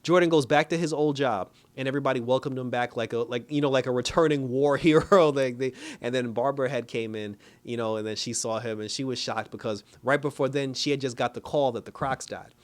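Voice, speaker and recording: A young man giving a casual, animated review of a TV episode, retelling scenes by quoting the characters and laughing often. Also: mid-range voice, fairly quick, few pauses. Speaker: TV show reviewer. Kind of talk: casual spoken recap and review.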